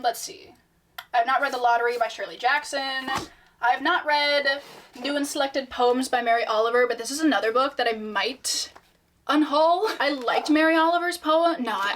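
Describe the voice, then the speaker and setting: A woman's voice: high-pitched, a bit bright, a little hiss or hum. A young woman talking casually on her book vlog, chatty and rambling, with a lot of "like" and "um" and self-deprecating asides. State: out of breath. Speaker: book vlogger.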